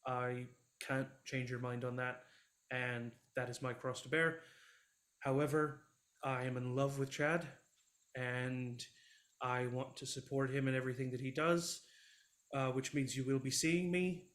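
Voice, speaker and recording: A man voicing an awkward, remorseful man in a tabletop role-play, who talks haltingly and apologetically. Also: mid-range voice, little pitch movement, fairly bright tone, close to an everyday voice. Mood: apologetic.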